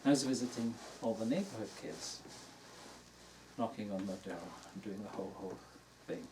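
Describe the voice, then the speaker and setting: A man's voice: fairly low pitch, normal speed. Older man telling a story from a distance. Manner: warm anecdotal storytelling, laughing at his own story. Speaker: dharma teacher. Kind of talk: storytelling talk to an audience. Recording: distant mic in a room with faint noise.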